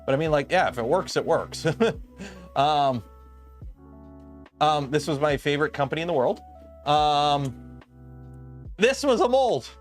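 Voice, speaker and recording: A man's voice: on the high side, lively intonation, unhurried, pauses often, faint music behind. A man with a slight lisp, hosting a casual livestream and rambling with lots of "um" and restarts. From Canada. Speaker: livestream host.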